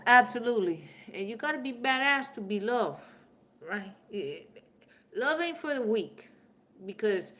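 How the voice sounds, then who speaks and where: Woman in her middle years, spiritual livestream host, brash and profane, loud bursts then hushed asides, casual chat with viewers. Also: mid-range voice.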